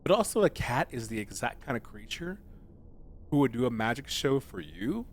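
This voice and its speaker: A man's voice: medium pitch, big pitch swings, moderate pace, slight background noise. A man streaming a video game, chatting casually and joking in a rambling, playful way. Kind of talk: casual let's-play commentary.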